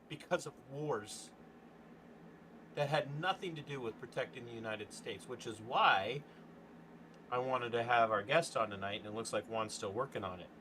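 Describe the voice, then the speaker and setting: A man co-hosting a podcast talk show goes on an impassioned rant, hitting his points with hard emphasis. His voice is bright, forceful and on the high side, and it climbs as he gets worked up.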